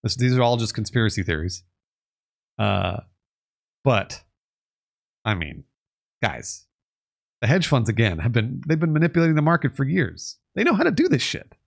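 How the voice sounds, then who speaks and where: A man's voice: medium pitch, big pitch swings, moderate pace, vocal fry, long pauses. A man casually explaining on a live stream, reading bits of articles aloud and rambling with restarts and the odd curse word. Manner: rambling, reads articles aloud, restarts and fillers, occasional swearing.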